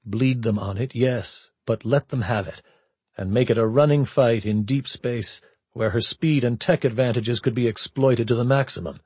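Guy narrating a military sci-fi audiobook, husky voice, dry close sound. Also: medium pitch, moderate pace, darkish tone, dry recording. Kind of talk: scripted narration.

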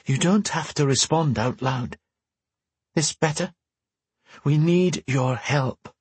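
A man voicing a mystic woman who speaks into another's mind, pleading and hurried. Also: a little high, a little mellow, breathy edge, no echo, pitched above the performer's own voice.

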